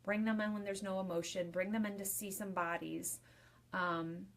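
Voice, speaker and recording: Young woman funeral director chatting on a live video, loose and repetitive, everyday middle pitch. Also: steady tone, moderate pace. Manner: chatty and repetitive, restating points in loose lists. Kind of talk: casual live-video advice talk to students.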